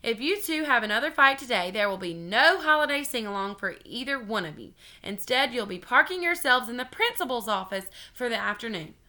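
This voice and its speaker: A woman's voice: a little high, lively intonation, a little fast, hardly any pauses, sharp tone, voice pushed up. Woman reading a stern schoolteacher man. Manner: firm, correcting. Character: stern patient male first-grade teacher.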